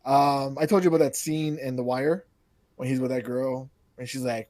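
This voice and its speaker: A man's voice: medium pitch, fairly quick, a little mellow, no room sound. A man co-hosting a casual podcast, rambling, swearing freely and laughing at his own jokes. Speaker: podcast co-host. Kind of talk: casual chat.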